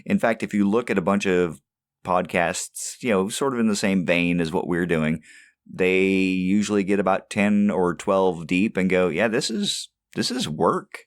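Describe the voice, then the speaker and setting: A man's voice: deep voice, steady tone, moderate pace, clear, resonant tone, dry recording, studio quality. A man hosting a movie podcast, chatting casually and laughing easily with his co-host. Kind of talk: casual chat.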